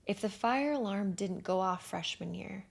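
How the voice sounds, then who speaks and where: Woman voicing a smooth flirty college guy. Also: normal speed. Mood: hushed flirtatious. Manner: low, hushed, teasing. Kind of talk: audiobook character voice.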